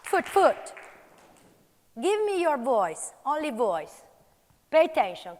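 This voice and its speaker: Calling out commands with energy, a woman from Italy with an Italian accent guides a conference audience through a movement exercise as part of a live workshop demonstration. Her voice is high with big pitch swings at a measured pace. The large hall echoes, and there is a faint crowd and slight background noise.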